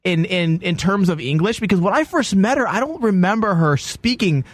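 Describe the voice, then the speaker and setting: A sick male podcast host trades crude jokes and laughs a lot. His fairly high voice swings up and down lively. The studio sound is dry and close. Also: moderate pace, no echo. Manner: joking, crude, laughs often. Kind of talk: casual comedy banter.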